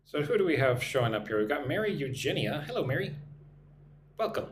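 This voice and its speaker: A man's voice: a little high, very animated, brisk. Chatty American man teaching English live. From United States. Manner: chatty, greets viewers by name, drills phrases. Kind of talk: live online English lesson. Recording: echoey room, faint hum.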